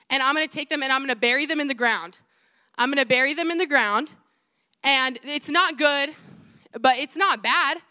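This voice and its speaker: A young woman gives a sermon as a youth pastor, with a fairly high, bright and forceful voice. She tells stories in a lively, chatty way and pokes fun at herself along the way. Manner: animated, chatty, with playful self-mocking asides. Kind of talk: sermon with personal storytelling.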